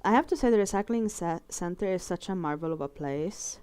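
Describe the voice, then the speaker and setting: A woman's voice: fairly low pitch, fairly quick, a little mellow, clean tone, no echo. A young woman chatting casually while she draws on a live art stream, rambling from story to story, swearing lightly and laughing often. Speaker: artist streaming a drawing session. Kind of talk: casual chat while drawing.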